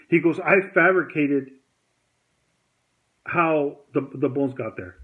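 A man's voice: a little high, takes it slowly, long pauses. A man telling a heated story to camera in a rambling, agitated way, acting out the dialogue he quotes. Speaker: vlogger. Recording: tinny phone-like sound.

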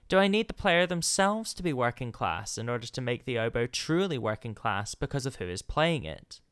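A man giving a measured, wry, scripted explanatory narration. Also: mid-range voice, clear, resonant tone, no echo, clean studio sound. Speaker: composer narrating a video essay. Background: loud oboe music.

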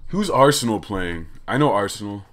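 A man with a fairly low voice hosts a casual live stream. He jokes and swears freely as he reads chat messages aloud. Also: expressive, moderate pace, a bit bright. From United States.

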